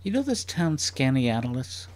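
A man's voice: medium pitch, big pitch swings, normal speed, a little mellow. A man chatting as a guest on a comedy podcast, rambling and curious, firing off playful questions. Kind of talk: casual podcast chat.

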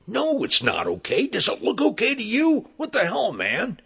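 A man voicing a huge, hostile man who shouts belligerently. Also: sits high, sing-song, fairly quick, vocal fry, breathy edge, voice pushed up, heavily acted.

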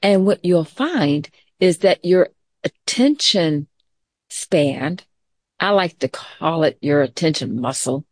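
A middle-aged woman leads a children's mindfulness lesson, talking to the kids in a gentle, patient way. She speaks slowly with a slightly low voice. The sound is close and dry, with no room echo. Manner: calm, gentle, talks straight to children. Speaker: teacher.

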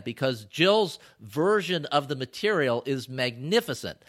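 A man hosting a podcast in casual conversation, emphatic and quick to laugh. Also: mid-range voice, animated, sharp tone. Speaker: podcast host.

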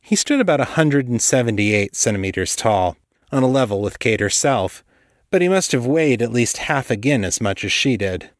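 A man reading a story aloud as narrator in a steady, measured way. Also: mid-range voice, no room sound, studio quality. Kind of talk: scripted narration.

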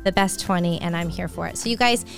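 A woman's voice: on the low side, fast talker, gravelly, soft background music. A middle-aged woman hosting a solo podcast, talking in a candid, personal, conversational way. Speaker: podcast host.

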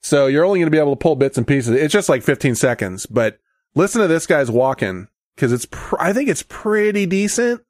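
A man's voice: on the high side, lively intonation, a little fast, no echo, studio quality. A man hosting a podcast, chatting loosely and cursing freely. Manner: loose, profane banter. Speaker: podcast host. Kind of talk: casual chat.

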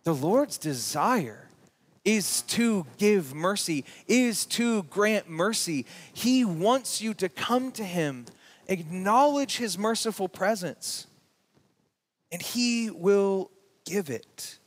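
A man preaching a sermon as pastor, with emphatic rising peaks and slow drawn-out words. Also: high-pitched, animated. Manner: reads scripture and quotes aloud.

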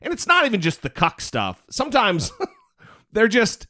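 A man's voice: sits high, a little slow. A man co-hosting a casual podcast, joking and swearing freely. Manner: profane, joking, animated. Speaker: podcast co-host.

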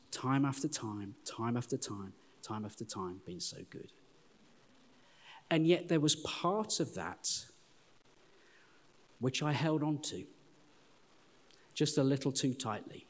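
A middle-aged man preaching a sermon, animated and chatty, often calling listeners "folks". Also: mid-range voice. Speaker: pastor. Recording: long hall reverb.

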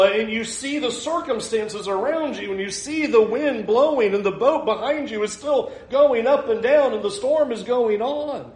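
A man preaching a sermon, animated, acting out the scene with small laughs. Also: extremely high pitch, normal speed, few pauses, roomy sound. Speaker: pastor.

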